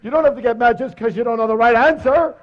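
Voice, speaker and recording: A man's voice: extremely high pitch, fast talker, pitched above the performer's own voice. A man voicing a boastful, bossy male lion in a told joke, with a swaggering, demanding manner. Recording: dull lo-fi recording.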